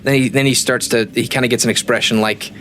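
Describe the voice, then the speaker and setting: A man narrating a tabletop game as game master, relaxed and hesitant with many fillers. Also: medium pitch, fast talker, slight background noise.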